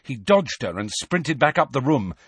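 A man's voice: mid-range voice, very animated, normal speed, fairly bright tone, breathy edge, no echo. A man narrating a fantasy novel as an audiobook, telling the tense story with expression. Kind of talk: scripted narration.

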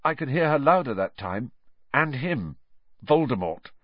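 A man's voice: mid-range voice, sing-song, measured pace, dry recording, voice pushed up. A man voicing a shaken but determined teenage boy wizard, earnest and tense, on a dull, dry audiobook recording.

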